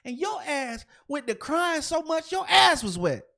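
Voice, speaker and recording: A man's voice: very high-pitched, sing-song, measured pace, gravelly, bright, forceful tone. A man co-hosting a comedy podcast, ranting in a heated, profane way and repeating himself when fired up. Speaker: podcast co-host.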